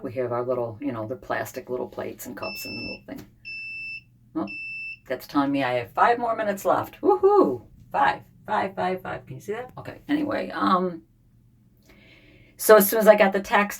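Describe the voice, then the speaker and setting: A woman in her fifties records a casual diary vlog from her home sauna, sounding unwell and frustrated. Her low voice swings hugely in pitch as she rambles wearily with many pauses.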